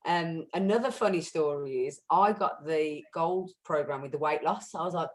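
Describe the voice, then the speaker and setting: A woman chatting casually as a wellness practitioner, telling lively stories and acting out what people said. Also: deep voice, normal speed, few pauses, poor audio. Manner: lively storyteller, acts out quotes; self-described shouty. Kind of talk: casual group chat.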